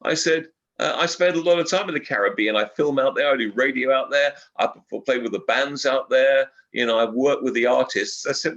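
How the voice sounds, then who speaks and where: An older man talks loosely as a guest in an interview. His pitch sits mid-range, and he stumbles over words and circles back as he talks. The audio is a little dull and lo-fi. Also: fairly quick, a bit bright. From England. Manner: rambling, with frequent fillers and repeated words. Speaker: guest broadcaster. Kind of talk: casual interview chat.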